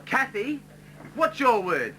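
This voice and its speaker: A man's voice: very high voice, wildly swooping pitch, takes it slowly, a crowd in the background. A man telling a long joke at a live community show, chatty, acting out each character's lines. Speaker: stage performer telling a joke. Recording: noisy live stage recording.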